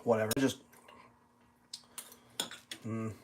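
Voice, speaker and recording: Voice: mid-range voice, slow pace. A live streamer telling traffic stories in a rambling, profane rant, full of "like" and acted-out outbursts. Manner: profane, ranting, heavy use of "like"; animated, acts out other drivers in loud bursts.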